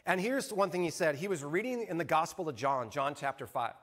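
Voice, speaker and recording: A middle-aged man delivers a sermon in a slightly high voice. He speaks earnestly as a pastor, often dropping into soft, hushed tones to press a point home. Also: lively intonation, a little fast.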